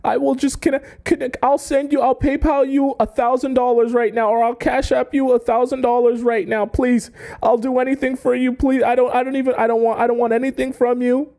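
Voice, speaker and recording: Guy doing a high whiny crying dude begging on his knees, squeaky and desperate. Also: little pitch movement, a little fast, vocal fry, dark tone. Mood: pleading. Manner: high-pitched, desperate, gushing pleading. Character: adult man on his knees, sobbing, begging adoringly.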